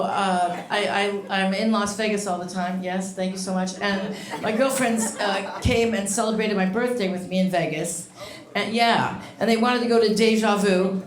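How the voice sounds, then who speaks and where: A woman in her sixties doing a bawdy stand-up set, chatty and brash, teasing the audience. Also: medium pitch. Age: 60s. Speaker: stand-up comedian. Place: comedy stage before a live audience. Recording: echoey room with loud crowd laughter.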